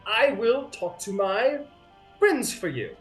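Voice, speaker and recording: A man's voice: high-pitched, very animated, slow pace, a bit bright, echoey room, faint music behind, voice pushed up, exaggerated voice. A man voicing a jealous, boastful fey husband who warns others off his wife. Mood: smug. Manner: boastful, blustering.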